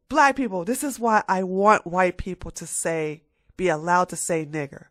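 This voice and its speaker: A woman's voice: fairly low pitch, normal speed, fairly bright tone, no echo, clean studio sound. A woman giving a ranting political commentary on her vlog, emphatic and mocking, hammering her points home by repeating them.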